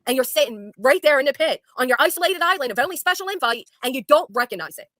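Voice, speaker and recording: A woman's voice: sits high, expressive, fast talker, fairly bright tone, no room sound, studio quality. A woman hosting a talk show, speaking in an angry, sarcastic, profane rant to her guest. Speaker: YouTube commentary host. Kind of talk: heated casual talk with a guest.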